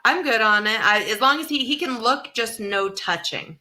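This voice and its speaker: A woman co-hosting a comedy podcast, chatting casually in an animated, teasing way. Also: on the high side, a little fast. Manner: animated, teasing, talks through her feelings. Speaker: podcast co-host.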